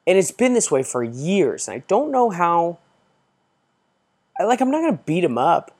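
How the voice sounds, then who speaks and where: A man's voice: high-pitched, big pitch swings, moderate pace, a little mellow. A man in his thirties hosting a podcast, telling an exasperated story in a casual, profane ranting way. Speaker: podcast host.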